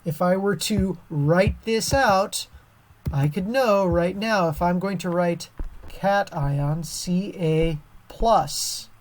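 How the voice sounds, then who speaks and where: A woman's voice: fairly low pitch, takes it slowly, darkish tone, slight background noise. A woman teaching a science lesson over a screen recording, chatty and casual with many fillers.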